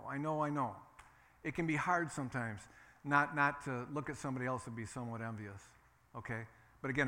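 A man's voice: mid-range voice, bright, forceful tone. A man preaching a sermon as pastor, emphatic and repetitive, leading the congregation to say lines with him. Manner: emphatic, repeats phrases, calls for congregation responses.

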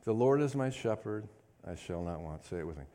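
A man's voice: on the low side, lively intonation, brisk, warm tone. A man preaching a sermon to a congregation, fervent, repeating phrases and calling out to the room. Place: church service.

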